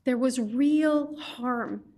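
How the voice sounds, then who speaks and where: A woman on a legislative committee, questioning a witness in an impassioned, halting way, often repeating words as she speaks. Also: high voice, warm tone.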